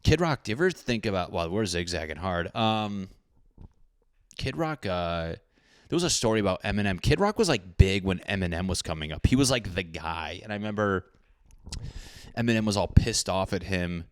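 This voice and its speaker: A man's voice: sits low, lively intonation, normal speed, dry recording. A man hosting his own podcast, talking in a rambling, profane, jokey way. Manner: profane, rambling, puts on comic voices. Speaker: podcast host. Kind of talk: solo podcast rant.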